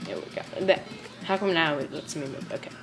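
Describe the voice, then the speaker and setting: A young woman giving animated gameplay commentary, yelping and shrieking when she fails. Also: sits low, a little fast. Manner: animated, yelps and shrieks at failures. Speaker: gamer. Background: game music.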